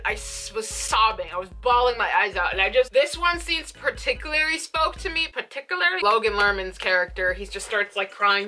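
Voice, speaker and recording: Bright-voiced young woman vlogging casually. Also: sits high. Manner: rambling, self-deprecating, laughs often. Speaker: YouTuber. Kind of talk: casual vlog chat.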